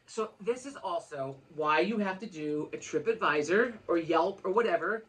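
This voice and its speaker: A woman's voice: fairly low pitch, animated, normal speed. A woman co-hosting a podcast, telling a long story in casual chat, frank and swearing freely with many restarts. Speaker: podcast co-host.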